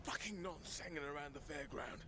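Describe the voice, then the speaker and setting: An actor playing a crude, wisecracking adult zombie slayer, throwing mocking insults in video game dialogue. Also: male voice, a little high, fairly quick. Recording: game audio under steady noise.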